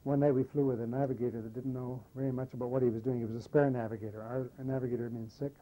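Older man telling war stories, mellow voice. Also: mid-range voice, racing, poor audio. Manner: lively anecdotal storyteller, animates quoted dialogue. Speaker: war veteran interviewee. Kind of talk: oral history storytelling.

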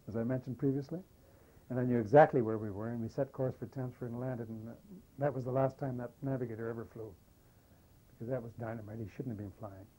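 An older man recounting wartime memories in an oral history interview, a lively storyteller who acts out the dialogue. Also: medium pitch, poor audio. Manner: lively anecdotal storyteller, animates quoted dialogue. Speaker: war veteran interviewee.

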